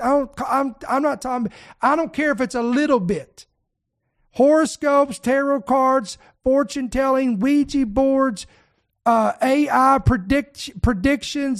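Speaking in a high voice, an older preacher tells stories on an online talk show, emphasizing them with animation. Words often get repeated, and the audience is called "guys."

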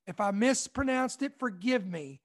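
Kentucky-raised male commentator, young, emphatic, reads news and stresses key lines slowly. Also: high voice, animated. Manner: emphatic, repeats points slowly for effect. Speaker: online commentary host.

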